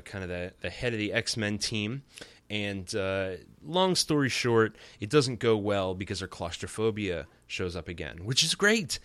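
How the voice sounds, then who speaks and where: A man in his thirties hosts a podcast by himself, recapping an episode in a loose, joking ramble with plenty of ums and uhs. His voice sits on the lower side. It comes through a podcast mic in a dry, dead-sounding room. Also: fairly bright tone, clear, resonant tone, dry recording. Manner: rambling and joking, with frequent fillers. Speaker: podcast host. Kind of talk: casual solo episode recap.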